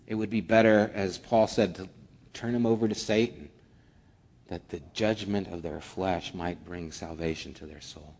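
A man preaching a sermon as pastor, earnest, moving between strong emphasis and hushed, almost whispered passages. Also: deep voice, steady tone, normal speed.

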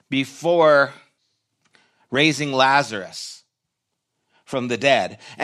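A man's voice: medium pitch, fairly bright tone. A man preaching a sermon in a church, reflective and conversational, with short restarts. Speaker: pastor.

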